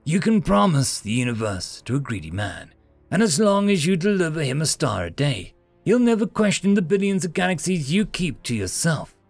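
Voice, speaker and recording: A man's voice: a little high, sing-song, moderate pace, no echo, faint music behind, voice pushed up. Man doing a haughty alien matriarch. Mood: conspiratorial. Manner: haughty, scoffing, hissing. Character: proud scheming female alien podmother.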